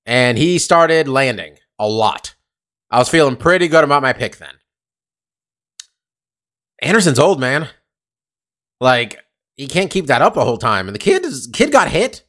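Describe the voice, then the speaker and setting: A man's voice: mid-range voice, big pitch swings, normal speed, pauses often, a bit bright. Rambling, profane podcast guy. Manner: rambling, profane, uses lots of fillers. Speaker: podcast co-host. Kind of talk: casual chat. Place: California.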